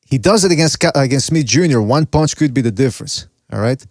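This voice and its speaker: In a clean, echo-free studio recording, a man hosts a boxing podcast with a casual, chatty feel. His mid-range voice is animated and quick as he walks viewers through fight clips, swearing freely and handing out shout-outs in a brash, loose manner.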